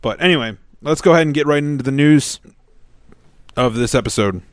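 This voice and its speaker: Excitable cussing podcast host. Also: male voice, mid-range voice, a little fast, dry recording, studio quality. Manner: excitable, swears freely. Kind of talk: casual chat.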